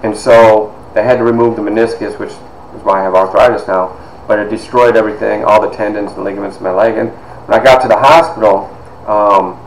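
An author and speaker from Toledo, Ohio tells a personal story in a fairly low voice, moving fairly quickly. He's animated and conversational, with frequent asides. The room is echoey, with faint background noise.

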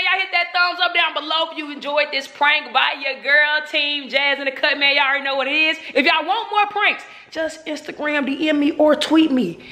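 High-voiced teasing young woman vlogger. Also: pushed and bright. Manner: playful, teasing, coaxing. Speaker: vlog host. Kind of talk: casual prank vlog.

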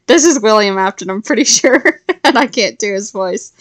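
A woman host reading a book aloud in a relaxed, casual way, with small slips and self-corrections. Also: mid-range voice, moderate pace, hardly any pauses. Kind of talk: casual read-aloud narration.

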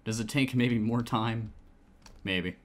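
A man's voice: medium pitch, slow. Rambling man chatting while gaming. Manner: rambling, full of fillers and self-talk. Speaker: gamer streaming a survival server. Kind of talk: casual gameplay chatter.

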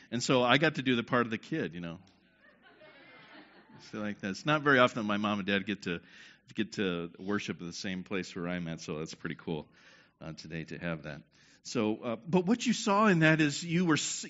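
A pastor's sermon has him leading the congregation in a group exercise, checking in again and again with "okay?" His voice is medium-pitched and fairly bright, and the recording sounds dull and lo-fi.

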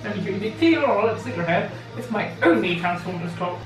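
A woman's voice: medium pitch, lively intonation, a little fast, over music. A young woman chatting and joking as a cosplay co-host, giggling and rambling. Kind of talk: casual banter. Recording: echoey room, mic far off, faint hiss.

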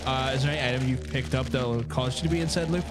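A man's voice: medium pitch, fairly even intonation, quick pace, noisy background. A man with a Northern Irish accent, crude and teasing in casual banter while playing a video game with a friend. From Northern Ireland. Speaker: co-host of a gaming playthrough. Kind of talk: casual banter over gameplay.

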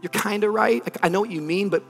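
High-voiced, animated preaching man. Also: fast, gravelly, soft background music. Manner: animated storytelling, building to emphatic preaching. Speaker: pastor. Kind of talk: sermon.

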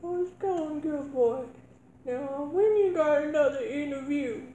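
A man's voice: very high-pitched, a little slow, dark tone, a little hiss or hum, pitched above the performer's own voice. A man voicing a nagging, worried middle-aged mother in a comedy sketch, scolding and pleading. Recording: roomy echo.

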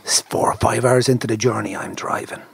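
An Irish man hosting a podcast, telling a story in a lively, animated way and acting out the people in it. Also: mid-range voice, a little fast, vocal fry, a little hiss or hum. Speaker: podcast host. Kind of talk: casual storytelling chat.

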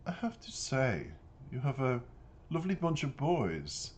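A prying, well-dressed lady full of curious questions, as a male reader puts her on. The voice is pushed up higher than his own, inquisitive and persistent in a storybook reading. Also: wildly swooping pitch, a little slow. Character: nosy refined middle-aged woman.

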